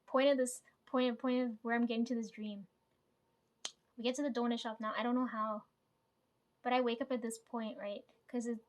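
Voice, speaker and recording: Woman vlogger, slightly high voice, rambly casual storytelling peppered with "right?" and the odd swear. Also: darkish tone. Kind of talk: casual dream retelling.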